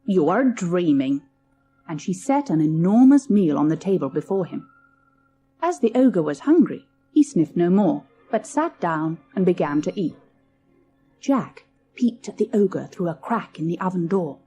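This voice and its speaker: A woman narrating a children's storybook in an expressive, lilting storytelling manner. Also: fairly low pitch, normal speed, dull audio, soft background music. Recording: old cassette audiobook.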